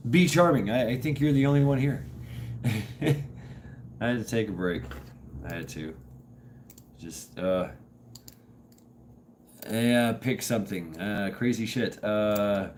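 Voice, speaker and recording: A middle-aged man with a strained, hoarse voice, hosting a casual live stream and rambling, halting as he greets viewers by name. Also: medium pitch, lively intonation, slight background noise. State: strained voice from dusty work.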